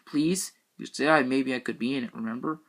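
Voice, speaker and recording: A reader voicing a young boy who is whiny, shrill and easily riled, read aloud from a storybook with stumbles and restarts. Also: fairly quick, lightly acted. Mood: pleading. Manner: shrill, excitable pleading.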